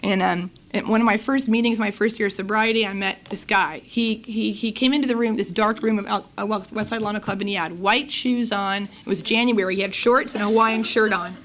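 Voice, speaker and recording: A middle-aged woman giving her personal testimony at a recovery meeting, telling her story in a lively way and acting out the conversations. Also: mid-range voice, brisk, hardly any pauses.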